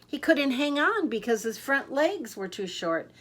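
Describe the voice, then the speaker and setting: An older woman reading a children's picture book aloud in a lively, expressive way. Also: sits high, unhurried. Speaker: storyteller. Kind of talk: children's story read-aloud.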